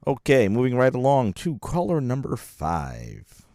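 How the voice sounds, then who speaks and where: A man's voice: medium pitch, huge pitch swings, measured pace, mellow, no room sound. A man hosting a podcast, introducing callers in a laid-back, wry way. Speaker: podcast host. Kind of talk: casual hosting between calls.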